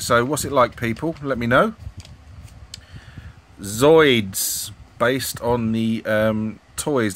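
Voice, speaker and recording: Paging through a vintage computer magazine, a middle-aged man who runs a retro gaming YouTube channel offers loose, hesitant commentary packed with ums and questions aimed at his audience. He speaks at a medium pitch, and his tone is fairly bright.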